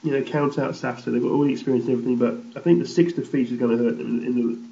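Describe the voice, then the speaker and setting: A man's voice: mid-range voice, steady tone, rapid-fire, gravelly, dark tone. A man from England hosting a casual football results roundup, rambling and blunt, swearing freely. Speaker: football show host. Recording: roomy, slightly dull recording.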